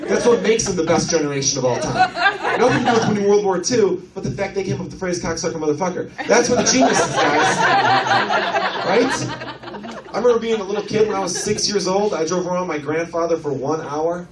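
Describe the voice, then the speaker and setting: A man from Chicago performs a brash, profane stand-up set, his fairly high voice swinging widely as he tells his stories. He sounds roomy and a little far from the mic in a comedy club, with loud crowd laughter behind him. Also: fast talker, very noisy. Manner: brash, profane, animated storytelling. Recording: echoey club recorded from afar. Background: audience laughter.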